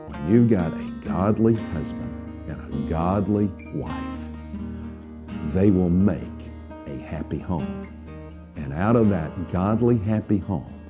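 A man preaching a sermon, building to emphatic peaks and dropping to hushed lines. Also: deep voice. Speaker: pastor.

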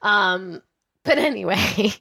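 A woman co-hosting a podcast, recapping a TV episode in casual chat, animated and swearing freely. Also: medium pitch, takes it slowly, creaky, slightly rough, dry recording, clean studio sound. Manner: animated, swears often, acts out quotes in retelling. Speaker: podcast co-host.

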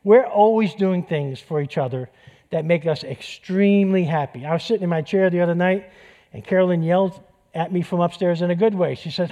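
In a church, a middle-aged male pastor preaches in a relaxed, conversational way, slipping in jokes and repeating key phrases to make them stick. His voice is slightly high for a man, with a dark tone and a somewhat quick pace.

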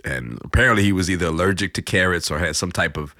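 A middle-aged man from St. Louis with a very deep voice, telling stories animatedly in a casual podcast chat and slipping into voices. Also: fast, no echo, studio quality. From St. Louis, Missouri. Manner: animated storyteller, breaks into voices and laughs. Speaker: voice actor guest.

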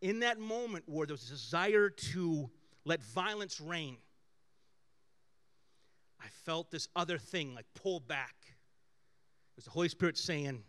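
Pastor guy telling stories in his sermon, kinda high voice, gets loud then drops way down. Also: measured pace, pauses often, clean tone. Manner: animated storyteller, swings between loud bursts and hushed asides. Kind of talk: conversational sermon with personal stories.

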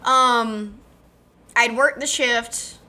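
Woman co-host from Alabama, a touch high-pitched, bright, joking storyteller. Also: steady tone, extremely slow. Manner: playful, punning, self-mocking storyteller. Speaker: podcast co-host. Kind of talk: casual chat.

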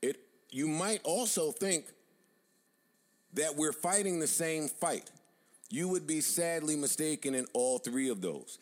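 A man's voice: fairly high pitch, animated, measured pace, a little mellow. Assertive man lecturing his critics. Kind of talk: confident commentary.

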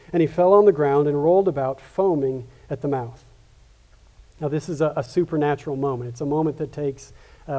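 A man's voice: a little high, warm tone. A man preaching a sermon as a pastor, earnest, often restarting and repeating words. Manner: earnest, with frequent restarts and repetitions.

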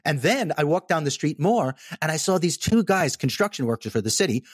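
A man telling a personal story in casual conversation, animated and emphatic. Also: a little high, a little fast, slightly rough, dry recording, studio quality. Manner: animated, emphatic, repeats "okay?" for effect.

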